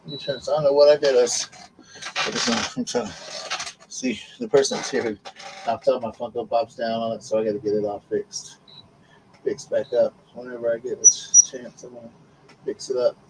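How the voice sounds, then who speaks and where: Man, chatty rambling storyteller, average pitch, audible background noise, home webcam mic. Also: brisk, gravelly. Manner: coos softly to his pets. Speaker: live stream host. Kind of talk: casual live stream chat.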